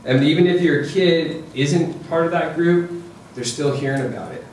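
A man giving a lively, joking parenting talk to an audience, often checking in with "okay?" and "right?". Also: on the high side, moderate pace, far from the mic, slight background noise. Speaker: presenter to parents. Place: presentation room with audience. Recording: echoey room, voice from afar.

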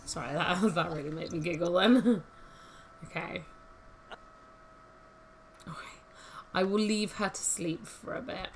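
A lowish female voice, a little slow and given to long pauses, comes through with slight background noise. She's a gaming YouTuber casually commentating a life-simulation game in let's-play style, chatting, giggling and thinking aloud against faint game music.

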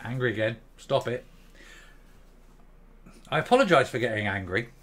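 A man in his fifties hosting his own channel, ranting bluntly and profanely to camera and stopping now and then to calm himself down. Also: medium pitch, moderate pace. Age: 50s. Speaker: commentary channel host. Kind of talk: angry opinion rant to camera.

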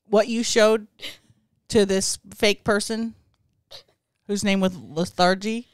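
A woman playing a smug male company boss posing as a customer, talking deadpan and mock-stern in an improvised comedy sketch. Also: mid-range voice, slow pace, smooth, dry recording, clean studio sound, close to an everyday voice. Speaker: podcast co-host.

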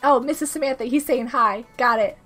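A woman's voice: high-pitched, brisk, a bit bright, soft background music. A woman streaming a game live and chatting casually, bubbly and giggly, sick with a cough. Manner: bubbly, giggly, reads chat aloud.

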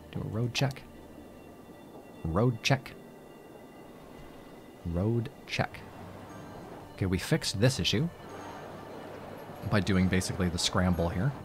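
A man with a fairly low voice that rises and falls a lot as he jokes and swears through casual gameplay commentary. Game music plays clearly behind him. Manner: profane, rambling and joking. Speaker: let's play host.

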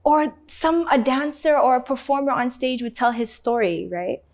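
A woman's voice: sits high, lively intonation, normal speed, darkish tone. A young adult woman being interviewed. She talks candidly and expressively, with lots of "like" fillers and frequent easy laughter. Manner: laughs easily and often. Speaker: interview guest.

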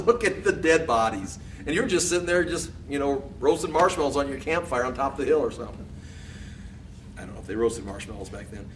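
A man with a fairly high voice teaches through scripture in a relaxed, chatty way. He reads verses aloud, rising in volume and pitch for quoted speech, then drops into offhand comments. He is picked up from some distance, with a faint hum underneath. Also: brisk. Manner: lifts his voice louder and higher for quoted speech. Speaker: Bible teacher.

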